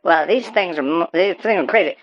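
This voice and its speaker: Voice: medium pitch, a little fast, lightly acted. Performer doing Farmer Ted, a ranting farmer. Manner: rambling, profane, stammering rants. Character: paranoid rural male farmer ranting about super pigs. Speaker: interviewee on a call-in show. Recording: dull, muffled audio.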